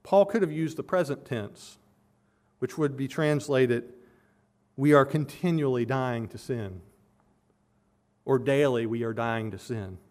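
A man's voice: medium pitch, a little slow, long pauses, darkish tone. A man preaching an expository sermon, earnest and building to emphatic peaks as he explains a scripture passage verse by verse.

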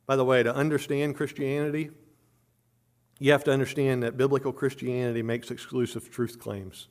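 A man's voice: fairly even intonation, normal speed. Earnest male preacher, emphatic. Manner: earnest preaching with frequent word repetitions and restarts; rises in pitch and volume on emphatic points. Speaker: pastor. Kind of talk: sermon.

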